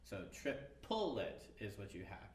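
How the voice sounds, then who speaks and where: A man's voice: lowish voice, huge pitch swings, slow pace, recorded from a distance, slight background noise. A man teaching an orchestra violin part, explaining the rhythms and counting the beats aloud. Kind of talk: music lesson. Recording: roomy, from off mic, violin behind. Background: violin playing.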